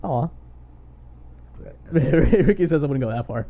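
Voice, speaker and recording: A man's voice: a little high, lively intonation, slow pace, warm tone. A young man co-hosting a podcast, telling rambling stories with frequent laughs. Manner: laughs often, rambling storyteller. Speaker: podcast co-host. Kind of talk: casual chat.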